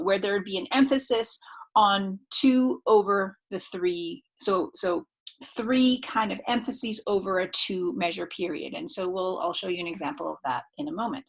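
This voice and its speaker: A woman giving a recorded music theory lecture over slides, speaking conversationally with fillers and sometimes singing rhythm syllables. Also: medium pitch.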